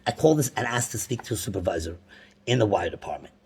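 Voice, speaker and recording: A man's voice: fairly low pitch, lively intonation, quick pace, a little mellow, husky. A man on a phone call, complaining at length about a bank with frustrated, repetitive restarts and sudden outbursts. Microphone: phone call recording.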